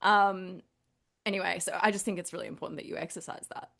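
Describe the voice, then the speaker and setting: A woman's voice: lowish voice, fast talker, creaky. A woman with an Australian accent, co-hosting a podcast in casual chat, chatty and prone to tangents. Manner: chatty, animated, wanders off on tangents. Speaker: podcast co-host.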